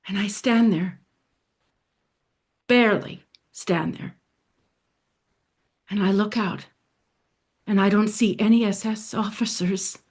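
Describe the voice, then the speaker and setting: A woman telling a dramatic story in the first person, speaking in a hushed voice that often sinks to a soft near-whisper. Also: medium pitch, fairly even intonation, slow pace, pauses often.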